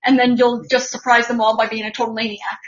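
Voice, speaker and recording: A woman's voice: a little high, flat delivery, quick pace. A woman co-hosting a podcast, chatting playfully and laughing along with her co-host. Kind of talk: casual podcast chat. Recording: dull lo-fi podcast audio.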